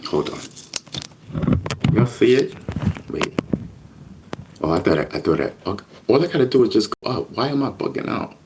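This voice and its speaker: A man's voice: lowish voice, big pitch swings, normal speed, long pauses, a little mellow, slight background noise, low-quality recording. A man hosting hip hop news on a live stream, rambling, stumbling over repeated words and talking straight to his chat. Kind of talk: casual live-stream commentary.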